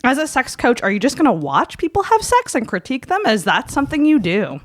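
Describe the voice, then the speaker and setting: A woman working as a podcast producer who reads out listener questions in a lively, teasing way. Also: high voice, fairly quick, no room sound, studio quality. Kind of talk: casual podcast chat.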